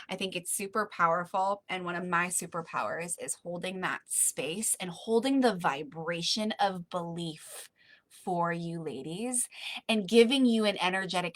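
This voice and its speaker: A woman's voice: lowish voice, fairly bright tone. Soothing, encouraging woman coach. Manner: encouraging, soothing, drawn-out affirmations. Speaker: women's coach leading an online challenge. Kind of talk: live-streamed coaching with guided breathing.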